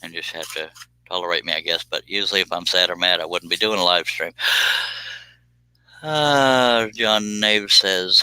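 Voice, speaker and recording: A man's voice: low voice, normal speed, pushed and bright, smooth, no echo, rough recording. A man hosting a casual live stream, chatting in a folksy, joking way while he cuts on a scroll saw in his workshop. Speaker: livestream host.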